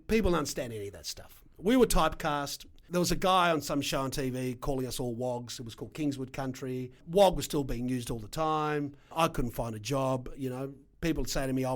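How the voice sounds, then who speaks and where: A middle-aged Australian man with an Australian accent, a guest telling his story in an animated, emphatic way with punchy asides. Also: medium pitch. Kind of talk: casual storytelling interview.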